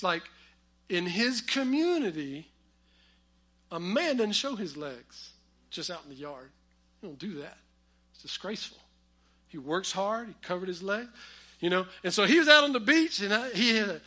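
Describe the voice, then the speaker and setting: A man preaching a sermon, telling stories with humor and swinging between loud emphasis and quiet asides. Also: high-pitched. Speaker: pastor.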